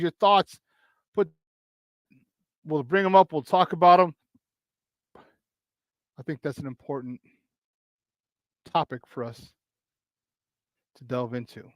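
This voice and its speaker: A man hosting a casual morning sports talk show, energetic and slangy, greeting viewers by name and laughing often. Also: on the high side, slow, long pauses, no echo, lo-fi sound.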